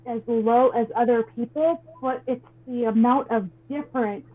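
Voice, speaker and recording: A woman in a casual group video chat, speaking earnestly and slowing down to make her point. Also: a little high, steady tone. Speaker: ex-Mormon video creator. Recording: tinny phone-like line.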